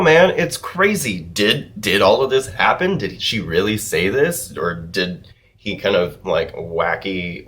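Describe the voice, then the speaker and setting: Male TV reviewer, low voice, casual, profane, animated rambling. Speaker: TV episode reviewer.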